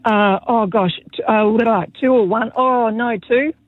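A woman calling in as a quiz contestant, excitable and gushing, a little nervous. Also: on the high side, measured pace, slightly rough, dry recording. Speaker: caller, contestant. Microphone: phone. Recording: dull phone line.

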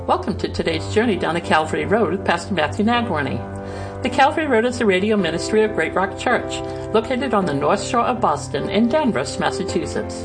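Lively female radio announcer over music. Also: medium pitch, fairly quick, low-quality recording. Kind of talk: scripted program introduction.

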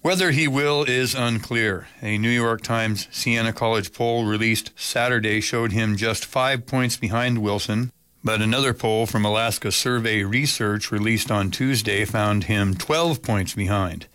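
A man reading radio news as the anchor, in an even, measured delivery. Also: fairly low pitch, clean tone, dry recording. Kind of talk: read news bulletin.

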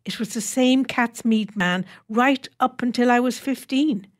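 A woman's voice: a little high, measured pace, pitched above the performer's own voice, natural voice. A woman voicing a chatty, practical older housewife who rambles homely memories. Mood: reminiscing.

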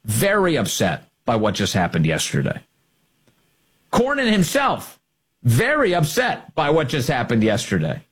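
A man's voice: mid-range voice, wildly swooping pitch, unhurried, a bit bright, slightly rough. A male host delivering combative political commentary, emphatic and fond of repeating his points for effect.

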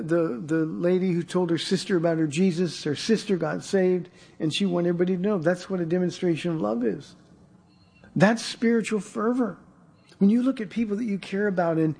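A man's voice: high-pitched, vocal fry, mellow, husky. A man preaching a sermon as pastor, earnest and repeating his words as he starts a thought. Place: church.

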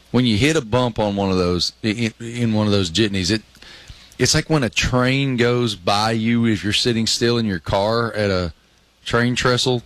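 Wry low-voiced man on a dry mic. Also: a bit bright, dry recording. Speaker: radio show co-host. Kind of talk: casual radio chat.

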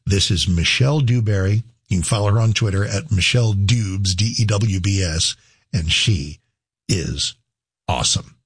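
Middle-aged male talk host, rambling and casual; low, husky voice with a dry close sound. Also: normal speed, no room sound. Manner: rambling, with many restarts and asides. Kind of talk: casual talk-show monologue.

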